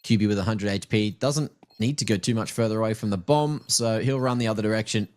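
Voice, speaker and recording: Joking male esports caster, lowish voice. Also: quick pace, darkish tone. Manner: chatty and joking, teases players and viewers. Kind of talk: live play-by-play game commentary.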